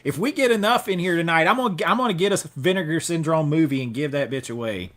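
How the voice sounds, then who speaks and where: A man's voice: a little high, fast talker, a bit bright. A man hosting a casual movie-collecting livestream, chatting loosely and joking, thanking viewers as he talks. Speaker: livestream host. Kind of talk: casual chat.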